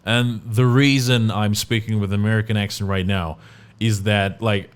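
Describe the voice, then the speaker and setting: A man's voice: on the low side, moderate pace, smooth. A man, co-hosting a podcast in casual chat and acting out quoted voices as he tells stories. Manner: animated storytelling, acts out quoted voices. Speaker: podcast co-host.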